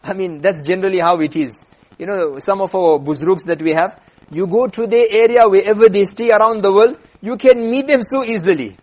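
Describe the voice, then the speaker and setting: A man preaching, telling a story in an animated way and acting out the characters. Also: high voice, fairly quick. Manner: animated storyteller, acts out voices. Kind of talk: sermon storytelling.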